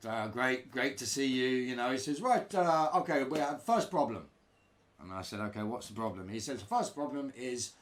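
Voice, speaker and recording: A middle-aged man casually telling a road-trip anecdote, acting out other people's voices. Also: medium pitch. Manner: animated, acts out broken-English voices of others. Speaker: storyteller recalling touring life.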